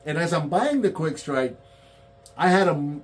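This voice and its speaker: A man's voice: fairly high pitch, a little slow. A man in casual chat about toy collecting, telling stories and acting out quotes. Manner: animated storyteller, acts out quotes.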